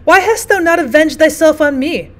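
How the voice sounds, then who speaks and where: A woman's voice: high-pitched, normal speed, a bit bright, voice pushed up. A woman reading as a pleading, resolute young mother. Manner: earnest and pleading, old-fashioned speech. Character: anguished, resolute woman shamed by her past.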